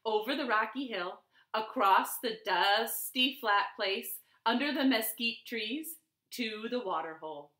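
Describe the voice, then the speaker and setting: Slow, expressive woman reading a storybook. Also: a little high. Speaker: children's librarian. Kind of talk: storytime read-aloud. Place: living room. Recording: echoey living room.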